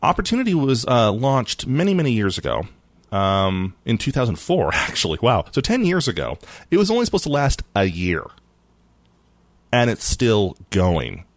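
A man co-hosting a casual tech news podcast, jokey and animated, often laughing. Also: medium pitch, normal speed, no echo. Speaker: podcast co-host.

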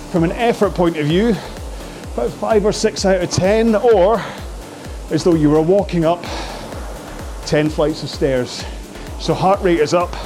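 Guy coaching a rowing workout as he rows, jokey and upbeat, voice a bit on the high side. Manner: chatty, jokey, encouraging; talks while rowing on a machine. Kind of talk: instructional workout talk.

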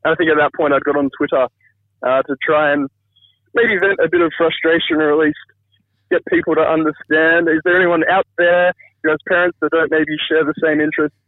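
This thirties-aged caller has a fairly high, steady voice and speaks fairly quickly, with no room sound. He's recounting a funny family story that went viral, chatty and poking fun at himself, over a tinny, dry phone connection.

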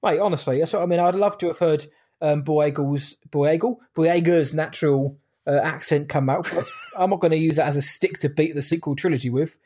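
A man hosting a podcast in a relaxed, informal chat. His voice sits a little higher than most men's. He speaks loosely, throwing in "mate" as he goes. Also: fairly quick. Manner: chatty, informal, says "mate". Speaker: podcast host. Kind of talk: casual chat.

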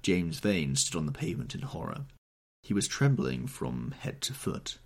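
A man narrating a classic novel with an expressive, dramatic reading, then signing off as the podcast host. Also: sits low, moderate pace, gravelly, husky.

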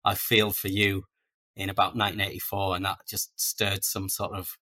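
A man tells stories in a relaxed, self-deprecating way. His low voice has a forceful, bright edge. He sounds like a podcast guest chatting easily. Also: normal speed. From North East England. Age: 40s. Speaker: guest author. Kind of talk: casual podcast interview.

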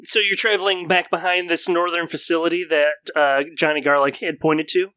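A man's voice: a little high, fairly even intonation, fairly quick, bright, forceful tone, clear, resonant tone, no room sound. A man narrating a tabletop game as game master, with crude joking banter.

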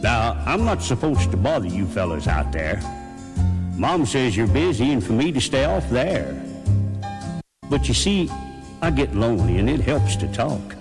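Brief: man playing a lonely, polite little boy on the CB, pitched up, guitar behind. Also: big pitch swings, moderate pace. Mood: pleading. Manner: polite, pleading. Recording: old record with guitar music.

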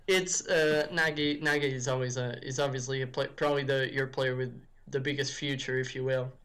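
A man's voice: medium pitch, steady tone, fairly quick, fairly bright tone, clean tone. A man on a football podcast as a guest, talking in a rambling, chatty way with frequent restarts. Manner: rambling, many restarts and fillers like "if you will". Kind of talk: casual football chat.

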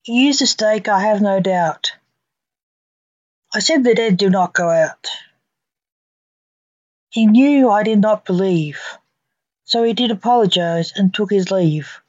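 A woman poet and author hosts her podcast, reading her own rhyming stories in a measured storytelling cadence. Her voice sits at a middle pitch for a woman. The recording is dull and lo-fi, with a dry, close sound. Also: darkish tone, dry recording.

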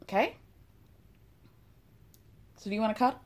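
A woman's voice: fairly high pitch, animated, moderate pace, darkish tone, natural voice. A woman voicing a brash, demanding woman with a criminal past, talking bluntly and bossily. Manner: blunt, bossy.

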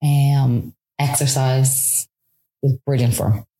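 A woman in her thirties with an Irish accent, telling a personal story in a chatty, animated way with lots of fillers. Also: very deep voice, takes it slowly, reverberant. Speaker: guest. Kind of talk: casual storytelling.

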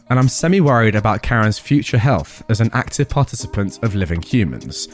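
Lively sarcastic male storyteller. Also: medium pitch, a little fast, hardly any pauses, soft background music. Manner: sarcastic, comic asides. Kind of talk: storytelling narration.

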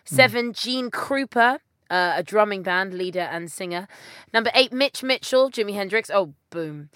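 A woman's voice: mid-range voice, normal speed, fairly bright tone, no echo, clean studio sound. A woman hosting a podcast quiz, enthusiastic and upbeat as she reads out answers and scores. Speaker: quiz host.

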